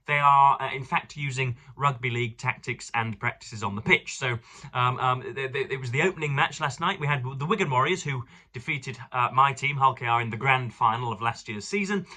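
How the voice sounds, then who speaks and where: A man's voice: medium pitch, a little fast, sharp tone. A young man from England rambling through a casual book vlog, digressive and fond of elaborate words. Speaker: book reviewer.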